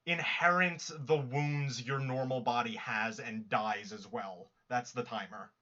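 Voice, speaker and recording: A man's voice: mid-range voice, steady tone, unhurried, pushed and bright. A man explaining story details to friends in a matter-of-fact way, in casual chat. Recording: lo-fi muffled mic.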